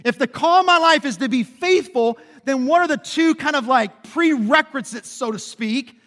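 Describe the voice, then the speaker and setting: A man with a strikingly high, bright voice preaches in a sanctuary with a long reverb trailing his words. He is animated, swinging from hushed emphasis to near shouts. He keeps asking the congregation questions and waits for them to answer. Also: normal speed. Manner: asks the congregation questions and calls for responses. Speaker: pastor. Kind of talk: sermon.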